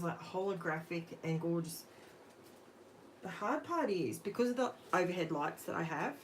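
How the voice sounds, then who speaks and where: A middle-aged Australian woman with a slightly low voice chats away to her live-stream viewers as she crafts. She talks straight to the people in the chat in an easygoing, talkative way, and a faint hum of room noise sits behind her. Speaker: craft channel host. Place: home craft room under overhead lights.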